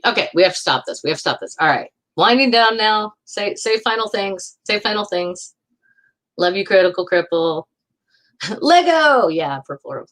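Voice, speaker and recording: A woman's voice: on the low side, fairly bright tone. A woman hosting a casual livestream, chatting loosely with viewers, rambling and often laughing as she answers comments. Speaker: livestream host.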